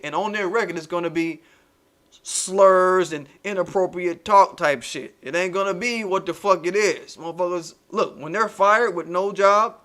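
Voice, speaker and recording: A man hosting a casual commentary stream, ranting in profane, animated street slang. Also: high voice. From United States. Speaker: channel host.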